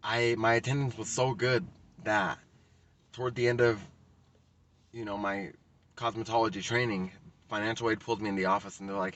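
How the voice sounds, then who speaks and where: A young man tells a casual story in a fairly low voice. He talks loosely and swears often, with lots of fillers, as a hairstylist vlogging about his training. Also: fairly even intonation, normal speed, pauses often, a bit bright, dull audio. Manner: casual and profane, with many likes.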